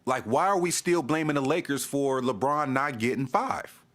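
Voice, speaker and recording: Man, sports vlogger, ranting, exasperated, repeats lines, mid-pitched voice. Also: animated, moderate pace, fairly bright tone. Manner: exasperated, repeats himself, stammers on restarts. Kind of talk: ranting fan commentary to camera.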